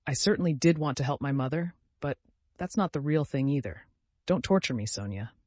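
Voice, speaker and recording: Audiobook figure: man voicing an anguished young murderer, pleading and lively in pitch. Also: fairly quick, dry recording, natural voice. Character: tormented young male murderer confessing.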